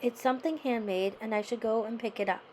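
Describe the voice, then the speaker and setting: A woman's voice: fairly high pitch, fairly even intonation, quick pace, a little mellow, slight background noise, low-quality recording. A woman reading a memoir chapter aloud, then talking it over in a conversational way and often checking in with "right?". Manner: conversational, tags remarks with "right?". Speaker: host.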